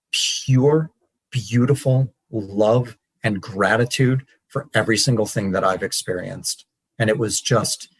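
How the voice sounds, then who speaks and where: A man, a podcast guest and author, telling his story in an earnest, animated way. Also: fairly low pitch, husky, rough recording. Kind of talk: storytelling interview.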